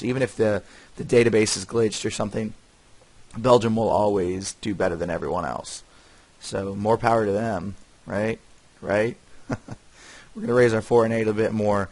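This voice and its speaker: A man giving casual, rambling commentary while playing a strategy game, correcting himself often and dropping wry asides with soft chuckles. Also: fairly low pitch, no echo. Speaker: gaming channel host.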